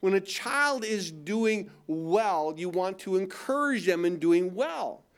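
A middle-aged male pastor delivers a sermon in a relaxed, conversational manner. His voice sits slightly higher than most men's, and he often asks rhetorical questions and repeats his words as he goes. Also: slow, clean tone.

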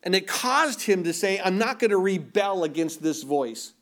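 A middle-aged man preaching a sermon, earnest, often repeating words and dropping to a hush for emphasis. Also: high voice, expressive, normal speed. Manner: earnest, repeats words, swings between loud emphasis and hushed quiet. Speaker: pastor.

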